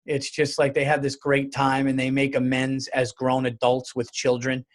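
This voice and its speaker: A man hosting his own comedy podcast, talking solo in an animated, rambling, jokey way with some swearing. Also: medium pitch, moderate pace. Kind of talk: casual solo podcast monologue.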